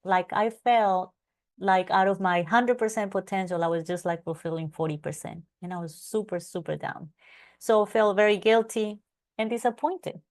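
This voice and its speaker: A woman coaching a live online class, acting out her own past thoughts and answering attendees by name. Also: medium pitch. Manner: reads out attendee names from chat. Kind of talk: live webinar teaching.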